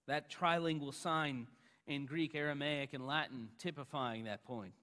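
Pastor guy preaching, bright forceful voice, bit high, long hall echo. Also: fairly even intonation, a little slow. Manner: emphatic preaching, rising loud on quoted lines. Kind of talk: sermon.

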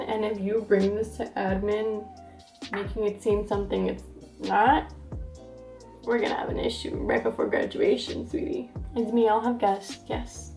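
Brief: young woman vlogger, gossipy storyteller, warm tone, lots of "like". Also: fairly high pitch, gravelly, reverberant. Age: young adult. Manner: animated, gossipy, fills speech with "like". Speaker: beauty vlogger. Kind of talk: storytime get-ready-with-me chat.

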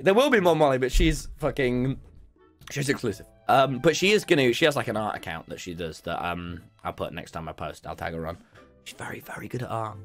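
A young man in his late teens talks to his stream viewers from his office, telling stories in a swearing, loose way. His voice sits mid-height and leaps all over, and there is faint music playing behind him. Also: mid-range voice. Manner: animated, swearing, lively storytelling. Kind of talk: casual chat with live-stream viewers.

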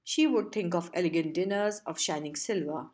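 A woman reading a short story aloud as an audiobook narrator, steady and measured. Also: lowish voice.

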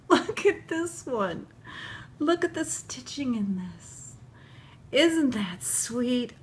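A woman unboxing a gift package on her vlog, tearful and gushing, laughing through her tears and dropping into soft whispers. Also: high-pitched, animated, extremely slow. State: tearful, crying while talking. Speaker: vlogger opening a gift package.

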